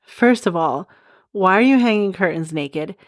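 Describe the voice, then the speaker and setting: On her comedic true crime podcast, a woman host chats casually, giggling and often bursting into loud cackles. Her voice is on the low side yet animated, her pace measured, and the recording is clean studio sound with no room noise.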